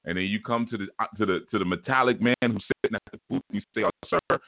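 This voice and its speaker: A man gives a relaxed spiritual teaching talk in a low voice. He explains his points through homespun, colloquial stories. The sound is dry and tinny, like a phone line. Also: rapid-fire, dry recording. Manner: folksy, chuckling, colloquial storytelling.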